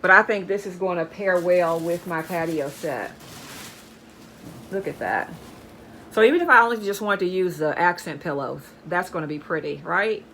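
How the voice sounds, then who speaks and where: A woman chats eagerly through her bargain finds, addressing her viewers warmly. Her voice sits on the lower side. A light background hiss runs under the home recording. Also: normal speed. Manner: chatty, enthusiastic, says "y'all" often. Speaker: haul vlogger. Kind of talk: casual show-and-tell chat.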